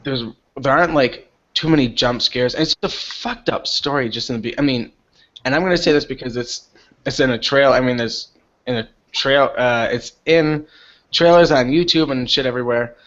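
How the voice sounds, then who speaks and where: Laughing Minnesotan podcast host. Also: male voice, medium pitch, moderate pace, a bit bright. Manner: laughing, rambling. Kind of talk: casual chat. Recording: dull lo-fi stream audio.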